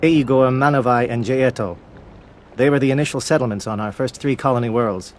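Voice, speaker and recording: A stern alien captain briefs his troops in formal, clipped sentences, voiced by a man. The voice sits at an ordinary middle pitch for a man, over a faint background hum. This is video game dialogue. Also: brisk, close to an everyday voice. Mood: resolute. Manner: formal, clipped military speech.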